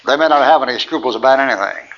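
A man's voice: medium pitch, very fast, fairly bright tone, muffled recording, slight background noise. A man preaching in a folksy, rambling way, teaching through anecdotes and chuckling often.

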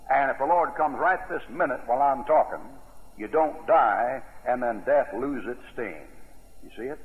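A man preaching a sermon in a folksy, emphatic way. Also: medium pitch. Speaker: pastor. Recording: tinny, echoey old radio broadcast.

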